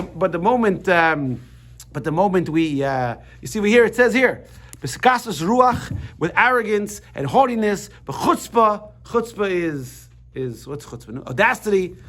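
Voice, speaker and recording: A man teaching a lively class, switching quickly between explanation and jokes. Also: high-pitched. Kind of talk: animated class lesson.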